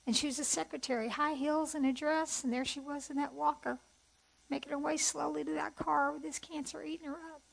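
A middle-aged woman telling her personal testimony in an earnest, heartfelt way, with soft hesitations. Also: high-pitched, flat delivery, a little fast, creaky, low-quality recording. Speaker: speaker sharing testimony.

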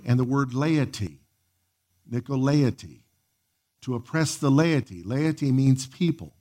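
An earnest male pastor preaching, his voice of ordinary pitch. He tells a church story and warns his listeners, leaping up in pitch for emphasis. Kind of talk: sermon with personal story.

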